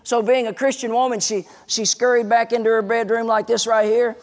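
A man's voice: very high voice, little pitch movement, a little fast. A man in his forties preaching a sermon, telling a story and stressing points emphatically. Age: 40s. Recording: long reverb in a large hall.

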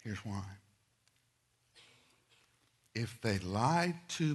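A middle-aged man preaching a sermon, telling stories and swinging from loud, quick asides to hushed, slow lines. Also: a little high, animated.

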